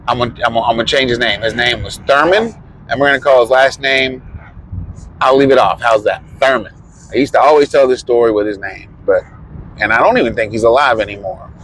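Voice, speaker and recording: A man talking off the cuff in a casual vlog, rambling and profane, often laughing at his own stories. His voice sits at an ordinary middle pitch. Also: a bit bright, low-quality recording. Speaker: vlogger. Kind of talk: casual storytelling.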